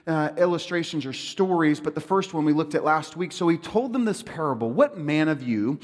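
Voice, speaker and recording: Male pastor, high lively voice, jokey sermon delivery, long church-hall reverb. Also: moderate pace. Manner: animated, joking, acts out quoted voices.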